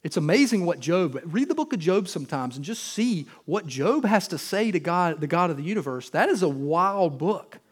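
Earnest male pastor preaching, raised pitch. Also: big pitch swings, normal speed, hardly any pauses, slightly rough. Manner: earnest, swings between loud urgency and quiet intimacy. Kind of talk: sermon.

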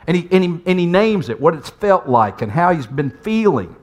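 A man's voice: high voice, big pitch swings, moderate pace. A man preaching a sermon as a pastor, telling a personal story with earnest, emphatic repetition.

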